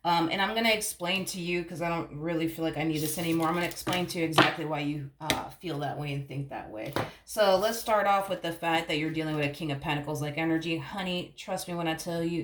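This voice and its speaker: Low-voiced woman reading tarot cards. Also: reverberant, slight background noise. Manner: blunt, swears freely, calls the viewer honey. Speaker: tarot reader. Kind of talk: casual tarot reading to camera.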